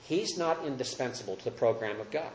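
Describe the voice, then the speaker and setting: A man's voice: mid-range voice, lively intonation, fairly quick. Earnest male Bible teacher, roomy echo. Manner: earnest, emphatic, poses questions to the class. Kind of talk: Bible teaching with class discussion.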